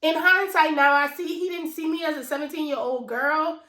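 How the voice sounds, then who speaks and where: A woman in her thirties with a New Orleans accent talks to her viewers about her own life, emotional yet conversational. Her voice sits high and stays steady, bright and forceful, at normal speed. She's a finance vlogger from New Orleans, USA, recorded in an echoey space.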